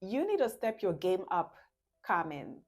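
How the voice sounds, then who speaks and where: A woman's voice: fairly low pitch, big pitch swings, measured pace. A woman giving relationship advice in a casual talk, laughing often and acting out small scenes between a couple.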